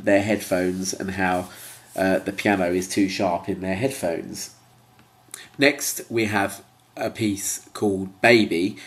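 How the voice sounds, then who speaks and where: A man with a slightly low, stuffy, nasal voice from blocked sinuses. He talks to camera in a loose, rambling way and fills his pauses with ums. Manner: rambling, hesitant with many ums. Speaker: YouTuber. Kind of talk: casual talk to camera.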